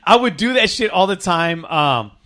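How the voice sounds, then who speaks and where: A man's voice: high voice, expressive, normal speed, pushed and bright. A man, a stand-up comedian from Northern California, chatting casually on a podcast, laughing, swearing and slipping into movie-quote voices. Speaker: comedian guest.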